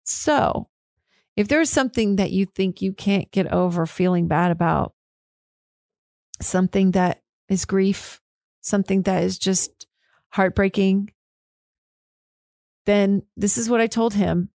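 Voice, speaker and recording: Slow and gravelly, pausing often, a woman with a medium-pitched, slightly mellow voice hosts her own podcast in clean studio sound with no room ambience. Speaking candidly and frankly solo, she gets fired up and curses now and then.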